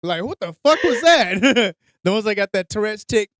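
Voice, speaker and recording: Animated man telling a funny story. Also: high-pitched, moderate pace, slight background noise. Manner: animated storyteller, acts out voices, laughs often. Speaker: podcast host. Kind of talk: casual storytelling chat.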